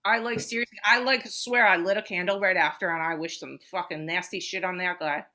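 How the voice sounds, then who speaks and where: A woman co-hosting a podcast, telling stories in animated, profane casual chat. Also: lowish voice, brisk. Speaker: podcast co-host.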